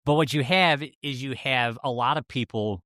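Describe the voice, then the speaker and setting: Thoughtful podcast guy, mid pitch, dry close mic. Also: normal speed, a bit bright, no room sound. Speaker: podcast co-host. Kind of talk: casual podcast discussion.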